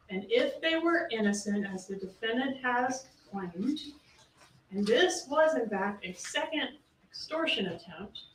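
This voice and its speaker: In a courtroom, a woman prosecutor gives her closing argument to the jury, driving her points home with rhetorical questions. Her voice is mid-range and a bit bright. The audio is roomy and distant, with a faint hiss.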